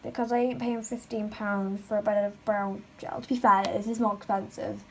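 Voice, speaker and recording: A woman's voice: medium pitch, flat delivery, normal speed, darkish tone, a little hiss or hum, rough recording. A teenage girl chatting through a makeup tutorial at home, rambling and filling her talk with "like.". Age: teens. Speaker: beauty vlogger.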